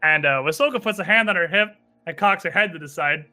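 A man running a tabletop game, his voice fairly high and very bright and crisp. He narrates in an animated, descriptive way, with soft music faintly behind. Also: fast talker. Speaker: game master.

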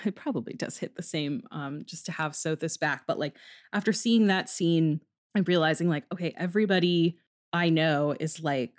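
A woman's voice: low voice, normal speed. A woman co-hosting a casual chat about a video game, wry and chatty, with lots of fillers. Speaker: podcast co-host.

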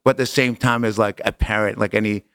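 Guy with a low gravelly voice, earnest, repeats stuff for emphasis, dry close mic. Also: fairly even intonation, fast talker, fairly bright tone, no echo. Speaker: podcast guest. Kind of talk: storytelling in conversation.

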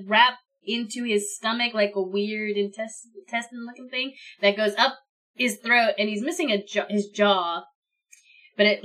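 Halting, slow-talking woman game master. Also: mid-range voice, fairly bright tone. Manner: rambling, halting, giggly. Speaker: dungeon master. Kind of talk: narrating a tabletop game.

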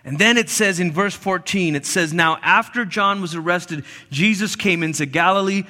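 A man preaching a sermon, telling the story in an animated way with playful asides. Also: sits high, normal speed, long reverb tail. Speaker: pastor.

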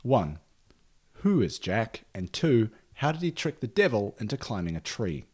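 A man's voice: fairly low pitch, very animated, moderate pace, a little mellow, husky. A man co-hosting a podcast, throwing in dry questions and quips. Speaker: podcast co-host. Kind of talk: casual comedic chat.

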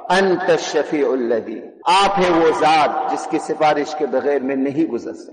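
A man preaching a sermon with fervour, moving between chanted Arabic recitation and soft, hushed English storytelling. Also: on the high side. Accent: South African. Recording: long hall reverb, crowd audible.

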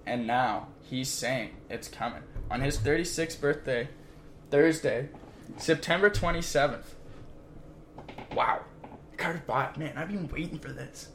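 A young man co-hosting a podcast, chatting casually in an excitable, slangy, rambling way. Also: a little high, measured pace, long pauses, slight background noise. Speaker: podcast co-host. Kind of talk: casual chat.

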